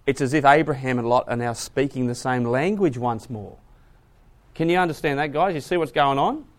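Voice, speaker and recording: A man preaching to a class, asking the audience questions and moving between hushed asides and loud emphasis. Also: mid-range voice, a little fast. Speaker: preacher teaching a Bible class. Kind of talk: sermon.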